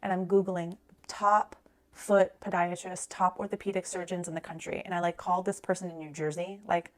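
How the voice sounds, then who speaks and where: A woman in her thirties telling a personal story in a rapid, conversational way, full of "like" fillers. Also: on the low side, flat delivery.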